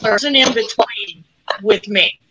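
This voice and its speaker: A woman's voice: medium pitch, measured pace, noisy background. A woman guest on a podcast interview, blunt and outspoken in casual chat. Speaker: guest, retired wrestler.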